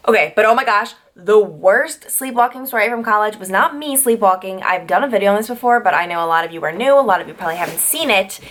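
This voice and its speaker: A woman's voice: medium pitch, fast, few pauses, fairly bright tone, slight background noise. A young adult woman from New York telling a storytime vlog, chatty and full of "like" fillers and tangents. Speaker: YouTuber.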